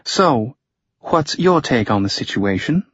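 A male narrator voicing a brisk woman operative handler with a Southern accent, clipped, precise and matter-of-fact. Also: mid-range voice, sing-song, a bit bright, breathy edge, no room sound, highs cut off, exaggerated voice. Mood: crisp.

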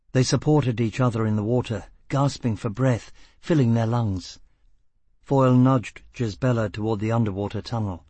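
A man narrating an audiobook in a steady, dramatic storytelling manner. His voice is slightly husky and sits at a middle pitch, recorded close and dry. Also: moderate pace, dry recording. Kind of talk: scripted narration.

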